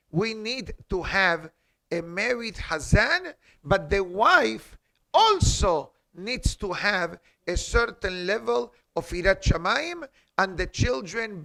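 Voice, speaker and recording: This man's voice sits high, with a creaky quality and a sharp tone. As a rabbi leading a halakha class in a synagogue, he teaches emphatically, quoting Hebrew and asking rhetorical questions.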